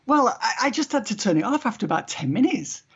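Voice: mid-range voice, very animated, fast, breathy edge, lo-fi sound. A podcast co-host in casual chat, wry and opinionated, laughing often.

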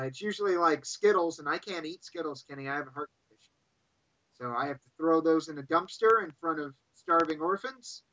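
Bright high-voiced man, slightly muffled. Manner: joking, mock-grandiose, stammering restarts. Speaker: podcast co-host. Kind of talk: casual chat.

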